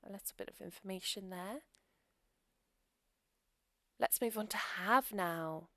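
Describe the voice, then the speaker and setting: A woman teaching English grammar in a recorded lesson, explaining clearly and steadily with example sentences. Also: mid-range voice, unhurried, sharp tone, no room sound, studio quality.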